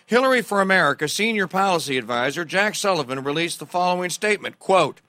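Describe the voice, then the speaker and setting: A man hosting a political talk radio show, animated and sarcastic, often laughing at the news he reads out. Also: high voice, fast, few pauses, no room sound.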